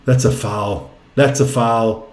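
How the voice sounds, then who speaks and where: A man's voice: on the low side, fairly even intonation, slow pace, darkish tone. A man giving casual live commentary on a basketball game, exasperated and ranting, swearing freely. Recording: echoey room.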